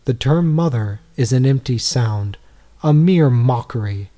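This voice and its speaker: A man reading a devotional text aloud in a measured, earnest way, full of rhetorical questions. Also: medium pitch, lively intonation, mellow. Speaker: reader.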